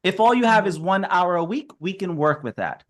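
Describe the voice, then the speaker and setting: A man's voice: high voice, animated, brisk. A man giving a casual, upbeat sales training talk on a video call, chatty and laughing often.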